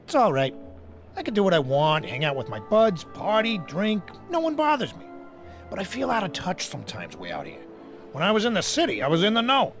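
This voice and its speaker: A man's voice: sits high, huge pitch swings, brisk, soft background music, exaggerated voice. An actor playing a crude, laid-back male carrion bird in game dialogue, easygoing and jokey. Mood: wistful.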